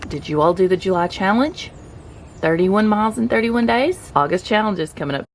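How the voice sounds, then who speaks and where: A woman's voice: mid-range voice, a little fast, slight background noise. A woman, chatting casually to camera about her day and food, upbeat and addressing viewers directly. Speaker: keto vlogger. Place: at home, partly outdoors.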